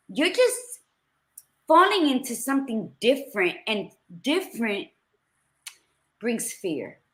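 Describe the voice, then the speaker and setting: Animated, blunt woman with bright voice. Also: mid-range voice. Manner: blunt, animated, swears freely. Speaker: podcast co-host. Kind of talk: candid podcast chat.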